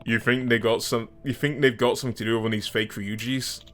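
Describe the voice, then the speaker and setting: A man voicing a stoic male ex-yakuza hero, pushing his voice low until it cracks, with terse, flat delivery. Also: fast talker, slight background noise, lightly acted. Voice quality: forced low voice, cracking at times.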